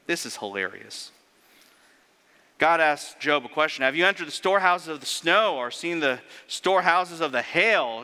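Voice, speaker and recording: A man preaching a sermon in an animated way, firing off rhetorical questions and sarcastic asides. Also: mid-range voice, clear, resonant tone. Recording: long reverb of a large hall.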